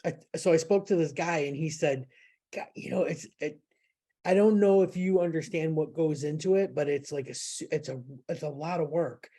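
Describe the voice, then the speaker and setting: Podcast host, woman, mellow dark tone, rambling anecdotal delivery. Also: sits low, normal speed. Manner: storytelling, animated, many fillers and restarts. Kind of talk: casual chat.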